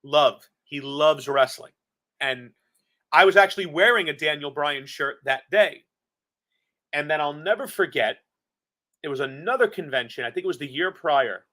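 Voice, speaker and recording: New guy on a podcast, eager storyteller, kinda high bright voice. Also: lively intonation, moderate pace, pauses often. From Staten Island, New York. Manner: earnest, enthusiastic storyteller. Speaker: podcast co-host. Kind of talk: casual chat.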